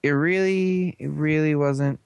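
A man's voice: fairly high pitch, fairly even intonation, measured pace, vocal fry, clear, resonant tone, dry recording. A young man hosting a show, giving a casual, rambling recap of an episode with lots of filler and sarcastic asides. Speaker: show host.

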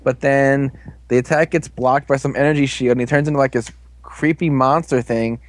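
A man giving an excited, casual recap of an episode, slipping into quick character voices. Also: medium pitch, dry recording. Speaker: fan commentator.

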